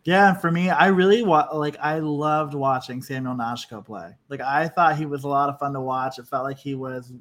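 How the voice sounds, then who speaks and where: A man's voice: a little high, normal speed, hardly any pauses, fairly bright tone. A man hosting a podcast, rambling loosely and joking at his own expense. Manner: loose, self-deprecating rambling. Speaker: podcast host. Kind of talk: casual chat.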